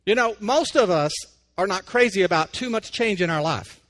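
A man with a notably high voice gives a folksy radio devotional. He tells a story, then talks plainly and personally, like a layman chatting with listeners. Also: lively intonation, normal speed, a bit bright. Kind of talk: conversational devotional talk.

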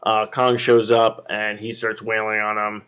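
A man's voice: lowish voice, completely flat delivery, unhurried, fairly bright tone, smooth. Guy rambling thru a movie recap on a podcast, lots of um and like, swears a bunch, dull lo-fi sound. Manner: rambling, many fillers and swearing. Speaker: podcast host. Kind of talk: casual movie recap chat.

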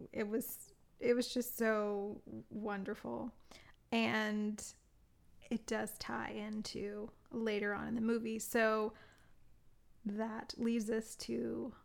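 A woman's voice: on the high side, flat delivery, drawn-out words, creaky, pauses often, a bit bright. A woman co-hosting a casual film review chat, gushing as she retells favorite scenes. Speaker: podcast co-host.

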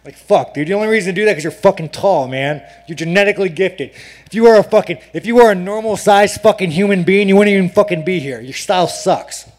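A pro fighter with a high, fast voice fields press conference questions at a packed media day, cursing freely, rambling, and ridiculing the journalists.

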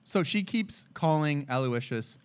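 A man co-hosting a recap chat in an ordinary, mid-pitched voice. He walks through the episode scene by scene, pausing with fillers as he goes. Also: lively intonation, smooth. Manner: careful, detailed retelling with fillers. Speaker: podcast co-host.

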